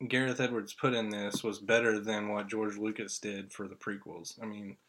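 A man from Indiana co-hosting a podcast, chatting casually and excitedly, rambling as a fan. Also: on the low side, moderate pace. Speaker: podcast co-host. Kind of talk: casual chat.

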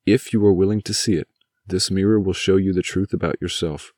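A man doing a stern old baritone father. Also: fairly even intonation, a little fast, mellow, no echo, studio quality. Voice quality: booming baritone. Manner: stern but pleading, firm commands. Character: stern grieving father of the groom, older man.

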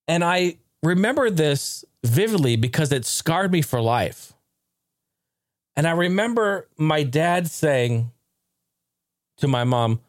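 A man's voice: fairly high pitch, expressive, slow, long pauses, no room sound, studio quality. A man in his forties, a gaming video host, telling a story in a casual way, laughing often and swearing now and then.

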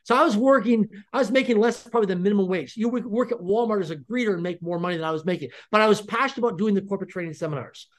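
A fast-talking man with a high-set voice tells a personal story at full pace. He is middle-aged and animated, and he acts out every line of dialogue as he goes. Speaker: podcast guest. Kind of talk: energetic storytelling.

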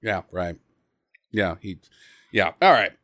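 A man's voice: low-pitched, slow pace, no echo, studio quality. A man casually recapping a movie plot on a podcast, joking and swearing as he acts out scenes. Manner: joking, profane, animated retelling with mimicked lines. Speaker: podcast co-host.

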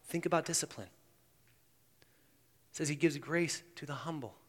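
A male pastor with a high, light voice delivers a sermon. His sound rings with the long reverb of a church sanctuary. He drops to hushed intensity, then rises to loud, animated emphasis. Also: normal speed.

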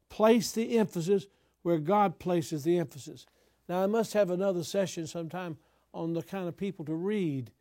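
An older man, a pastor, teaching other preachers in an emphatic style that breaks into sudden loud exhortations. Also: high-pitched, no room sound, clean studio sound.

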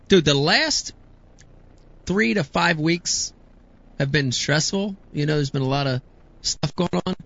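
A man hosting a call-in show, excitable, with loud bursts of enthusiasm. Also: fairly high pitch, vocal fry. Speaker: host. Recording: dull lo-fi sound with faint noise.

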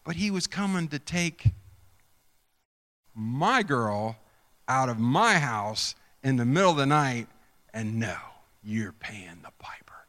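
A man preaching a sermon, telling a personal story with animated swings from hushed whispers to shouts. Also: mid-range voice, slow pace, long pauses, big-room sound. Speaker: pastor.

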